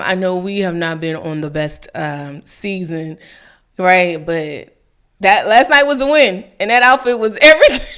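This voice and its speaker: A woman's voice: medium pitch, a bit bright, clean tone. A woman hosting a casual faith vlog, chatty and giggly, talking straight to her viewers. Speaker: devotional vlogger.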